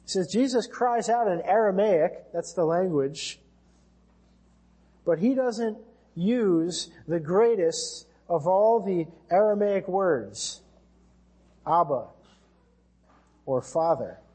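A male pastor with an American accent delivers an earnest sermon, his voice husky and mellow. He sits a little high in pitch and climbs higher for scripture readings. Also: lively intonation, slow, long pauses.

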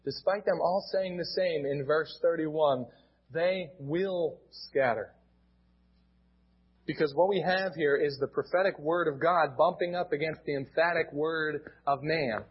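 A man's voice: on the high side, a little slow, husky, muffled recording. A male pastor with an American accent, preaching a sermon in a plain teaching tone and often restarting his words.

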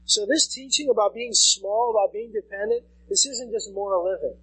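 A man's voice: high-pitched, normal speed, few pauses, bright, forceful tone, slightly rough, low-quality recording. A man in his thirties preaching a sermon as pastor, conversational and repeating key phrases for emphasis. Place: church sanctuary.

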